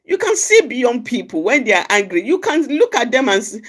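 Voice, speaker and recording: A woman with a high voice that swings up and down gives an informal, encouraging talk on calming anger. She circles back over each point, restating it and peppering her sentences with "you know". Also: a little fast. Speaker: outreach speaker on anger management.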